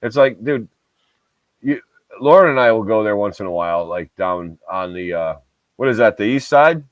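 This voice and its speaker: A man's voice: on the low side, expressive, moderate pace, no echo. A man, co-hosting a podcast in a profane, rambling chat packed with filler words. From Southern Tier of New York. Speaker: podcast co-host. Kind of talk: casual chat. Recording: dull lo-fi dry recording.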